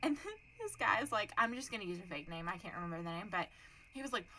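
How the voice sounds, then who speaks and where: A young adult woman tells a story on a podcast. Her voice is bright and clear. She swears freely and acts out the people she talks about, with a faint hum of noise behind her. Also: mid-range voice, animated, fast, low-quality recording. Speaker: podcast co-host. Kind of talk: casual chat, storytelling.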